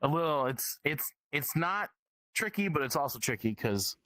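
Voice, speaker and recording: A man's voice: fairly high pitch, very animated, normal speed, sharp tone, dry recording, low-quality recording. A man talking as a guest on a casual stream interview, rambling and repeating words while he thinks.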